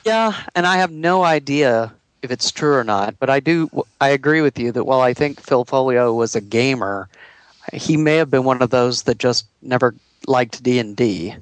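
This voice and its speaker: A man's voice: mid-range voice, normal speed, no room sound. A man co-hosting a podcast, chatting casually about old gaming comics and laughing along. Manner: chatty, amused, trails off and restarts. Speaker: podcast co-host. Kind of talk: casual chat.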